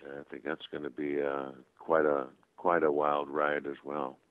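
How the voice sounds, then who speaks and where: A man being interviewed as a guest actor, telling anecdotes in a casual, animated way. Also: a bass voice, a little slow, dry recording. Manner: animated anecdotes with voiced quotes and laughs. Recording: tinny phone line.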